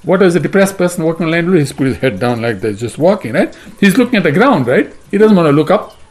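Man teaching a devotional class, chatty storytelling, animated swinging pitch. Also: fast talker. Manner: chatty, keeps asking "right?" and "you know what I mean?".

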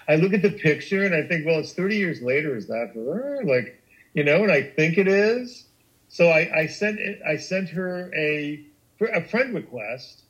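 Middle-aged man, slightly high voice, podcast storyteller; emphatic, restless delivery full of restarts and swearing. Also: fairly bright tone, dull audio. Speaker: guest storyteller.

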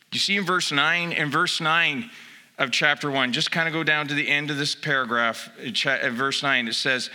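Bright-voiced male pastor preaching in a hall. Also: fairly high pitch, measured pace. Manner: animated storytelling with acted-out asides, building to emphatic exhortation. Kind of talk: sermon. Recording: long reverb of a hall.

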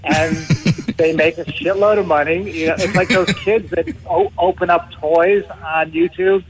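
Middle-aged man, talkative guest who stumbles and laughs through his answers, a touch high-voiced. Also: normal speed, a little hiss or hum, rough recording. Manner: chatty, laughs often, frequent restarts. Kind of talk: casual interview.

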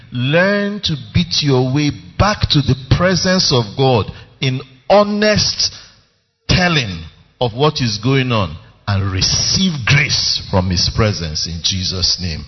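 Man, pastor; unhurried, highly animated sermon delivery in a reverberant, lo-fi hall. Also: husky. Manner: emphatic, calls for congregation response. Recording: reverberant lo-fi church recording.

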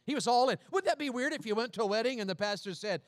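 This time the Tennessee pastor, middle-aged, preaches fast and expressively in his high, folksy voice, repeating phrases and peppering the congregation with questions. The recording is dry and close, with little room echo.

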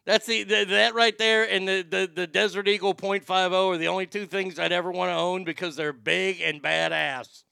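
A man giving crude, excitable casual commentary as he reacts to videos. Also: high-pitched, normal speed, creaky, few pauses, clean tone, no room sound, studio quality.

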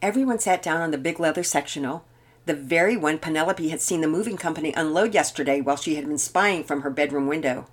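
An older woman, a grandmother, reading a children's story and chatting as host in a gentle, expressive way. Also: low voice, quick pace.

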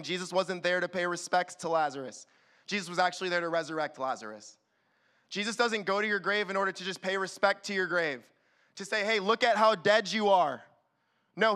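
A man preaching a sermon as youth pastor, animated and acting out quick little voices to the room. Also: sits high, clear, resonant tone. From California.

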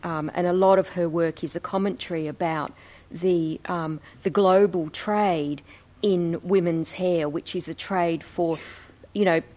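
A woman presenting slides to an audience in a measured, explanatory way. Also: on the low side, steady tone, darkish tone. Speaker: presenter, co-editor of a book. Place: talk before an audience.

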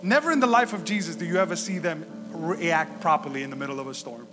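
A man's voice: fairly high pitch, quick pace, music in the background. Impassioned male preacher in a reverberant hall. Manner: passionate, builds to shouts. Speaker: pastor. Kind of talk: sermon. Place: church sanctuary.

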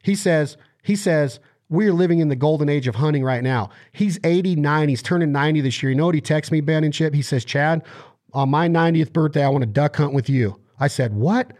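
Fired-up guy ranting on a podcast, kinda high voice, tells stories, talks a lot. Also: a little fast, darkish tone. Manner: impassioned, ranting, storytelling. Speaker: podcast guest. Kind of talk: passionate casual conversation.

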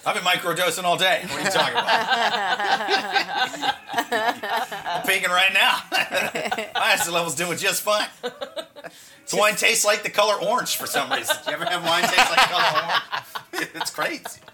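High-pitched man rambling and joking. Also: lively intonation, normal speed, pauses often, crowd noise. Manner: rambling, joking, laughs often. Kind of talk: casual comedy podcast chat.

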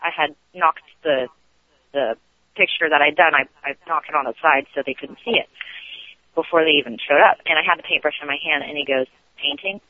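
A man calls in to a radio show as a guest and rambles through a casual story, restarting many times. His voice is a little high and fairly quick, with no room sound, over a tinny phone line.

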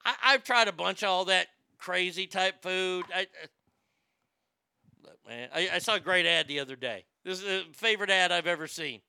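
A man with a high, very bright and clear voice, ranting with sarcastic disbelief. He trips over his words and repeats himself as he builds his point. It is a comedic monologue for a show. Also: animated, brisk, no room sound. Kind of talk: comedic rant.

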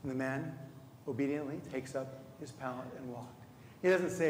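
A man's voice: on the high side, fairly even intonation, darkish tone, a little hiss or hum. Man preaching in an echoey church. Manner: measured, reflective preaching with slow emphatic pauses. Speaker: deacon. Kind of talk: sermon. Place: church sanctuary. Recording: echoey church hall, faint ambience.

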